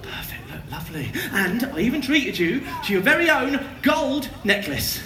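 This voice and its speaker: A woman's voice: mid-range voice, sing-song, normal speed, recorded from a distance, noisy background, natural voice. A woman playing a goofy, lovestruck boy clown. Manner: clowning, over-the-top and chatty. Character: goofy, lovestruck young male servant clown. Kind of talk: live pantomime comedy. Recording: echoey hall from afar, music. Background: music.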